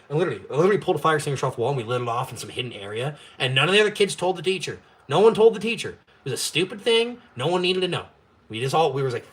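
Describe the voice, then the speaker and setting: A young Canadian man hosts a live stream, ranting in casual chat that is blunt, profane and fired up. His voice is a little high and fairly bright.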